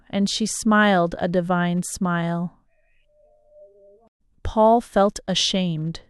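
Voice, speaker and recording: A woman narrating a novel as an audiobook, in measured, unhurried storytelling. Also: medium pitch, clean tone, dry recording, studio quality.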